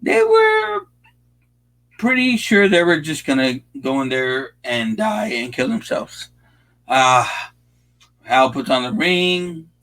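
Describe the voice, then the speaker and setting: A man's voice: medium pitch, expressive, slow, a bit bright, rough recording. A young man casually talking over a movie he is watching, rambling with lots of fillers and constant swearing. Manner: profane, rambling, laid-back with frequent fillers. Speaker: watch-along host.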